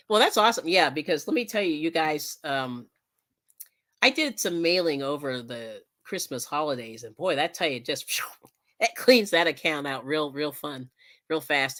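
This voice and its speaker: Chatting while she crafts on a relaxed live stream, a woman laughs a lot and thanks viewers. She has a deep voice with a fairly bright tone.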